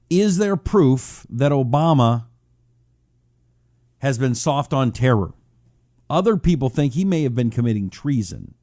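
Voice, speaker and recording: A man's voice: mid-range voice, dark tone, dry recording, clean studio sound. A middle-aged man hosting a talk show, chatting casually and reading out viewer check-ins. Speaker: radio talk show host. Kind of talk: casual live-stream chat.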